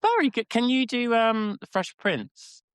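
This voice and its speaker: A man's voice: very high-pitched, very animated, a little slow, clear, resonant tone, no room sound. A man co-hosting a podcast, telling rambling casual stories full of fillers and restarts. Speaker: podcast co-host. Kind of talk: casual chat.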